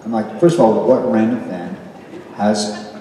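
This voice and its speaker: A middle-aged man telling stories on stage at a convention panel, animated and self-deprecating, laughing often. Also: lowish voice, unhurried, very noisy. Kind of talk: casual storytelling on stage. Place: large convention hall. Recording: echoey hall recorded from far off.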